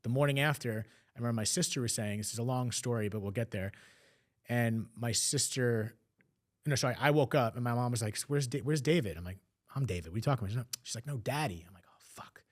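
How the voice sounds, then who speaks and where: Man, podcast guest, rapid emotional storytelling, mid-pitched. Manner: fast, emotional retelling with acted quotes. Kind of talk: personal storytelling.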